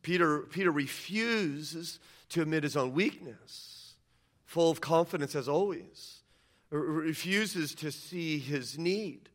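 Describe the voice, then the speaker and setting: A man's voice: a little high, takes it slowly. A male pastor preaching a sermon, retelling scripture scenes emphatically and acting out the quotes.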